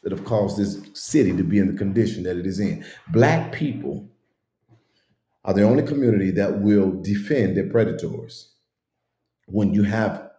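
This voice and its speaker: A man's voice: on the low side, warm tone, roomy sound. A man giving blunt, sarcastic commentary in a video.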